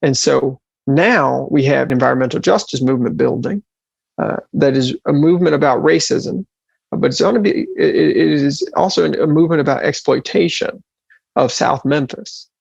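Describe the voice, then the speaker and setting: A man's voice: a little high, normal speed, gravelly, breathy edge, no room sound, highs cut off. A man speaking as an environmental justice activist, delivering an impassioned speech full of rhetorical questions that build to rousing emphasis.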